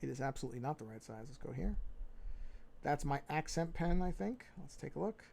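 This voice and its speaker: Gravelly man with a New York accent. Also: fairly high pitch, animated, a little fast, a little mellow. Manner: thinking aloud, muttering and humming to himself. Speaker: digital artist streaming his drawing. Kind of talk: casual live-stream narration while drawing.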